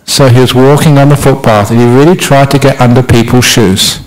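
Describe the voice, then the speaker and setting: A man delivering a dharma talk as a Buddhist monk, with a relaxed, middle-pitched voice. He tells stories with playful, self-mocking humour. The talk is aimed at a seated audience in a meditation hall. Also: a little fast.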